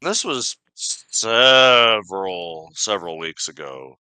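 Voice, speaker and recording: A man co-hosting a casual political podcast, talking in a profane, animated, riffing way. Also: on the low side, takes it slowly, clean tone, no echo. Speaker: podcast co-host.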